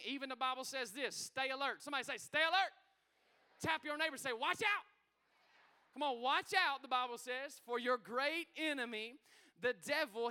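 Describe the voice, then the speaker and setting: A man preaching a sermon as pastor, energetic and folksy, calling out to the congregation in a church. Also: very high-pitched, clear, resonant tone. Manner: conversational, folksy asides.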